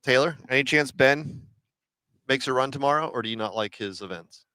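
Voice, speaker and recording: A man's voice: mid-range voice, fairly quick, bright, forceful tone, smooth, dry recording. Man reading down a standings list. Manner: runs through names and standings. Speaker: podcast host. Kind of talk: casual sports commentary.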